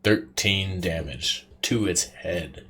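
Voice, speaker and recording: Brief: man player, lowish voice, eager, noisy online recording. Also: slow pace, sharp tone. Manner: eager, narrates his attacks. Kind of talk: casual tabletop game chat.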